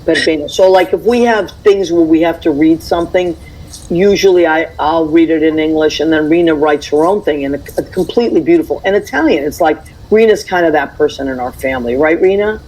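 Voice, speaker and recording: A woman chatting as a radio guest, an animated storyteller who laughs often. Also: low-pitched, a little fast, slightly rough, low-quality recording. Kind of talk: casual chat.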